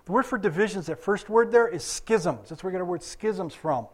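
A man's voice: high voice, lively intonation, fairly quick. A male pastor preaching a sermon in a conversational way, with casual asides. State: limping after surgery.

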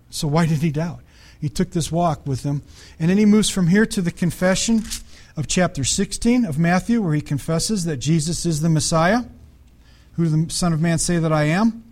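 A man with a notably high voice preaches to his congregation. He reads scripture passages aloud and breaks in with casual asides. He keeps asking his listeners whether they follow. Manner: conversational preaching with frequent checks to the congregation. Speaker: pastor. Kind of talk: sermon.

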